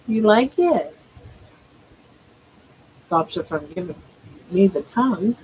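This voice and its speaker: An older woman with a fairly high voice, talking in an unhurried, drawn-out way. She coos baby talk to a pet between casual musings on a home live stream. A faint hum of room noise sits behind her. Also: darkish tone, rough recording.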